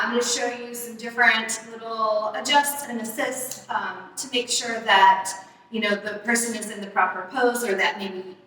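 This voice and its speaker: A woman yoga instructor giving calm guided cues with frequent ums, teaching in a studio. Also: a little high, very echoey, big-room sound, distant mic, slight background noise, rough recording.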